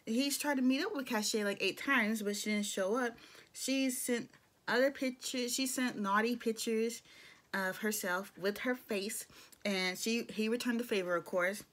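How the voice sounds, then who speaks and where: A woman's voice: fairly high pitch, measured pace, fairly bright tone. Chatty, blunt young woman recapping a show. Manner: chatty and opinionated, blunt asides. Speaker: show reviewer. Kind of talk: casual recap and commentary.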